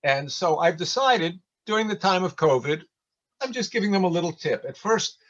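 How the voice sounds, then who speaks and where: A man's voice: sits high, animated, moderate pace, fairly bright tone, lo-fi sound. An older man telling rambling, folksy stories in a casual community talk over a video call.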